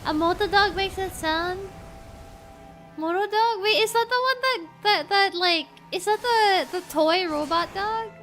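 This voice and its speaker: A woman's voice: extremely high pitch, a little slow, fairly bright tone. A woman streaming a game and chatting casually with her viewers, reacting to the game and to chat as she plays. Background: faint game music.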